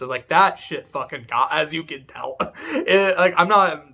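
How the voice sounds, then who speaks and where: A man's voice: fairly high pitch, a little slow, gravelly, hardly any pauses, sharp tone, highs cut off. A man talking through a story in casual, rambling commentary, full of fillers and swearing, at home. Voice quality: chatty, swears, many "like" fillers. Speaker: video essay host. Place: home room.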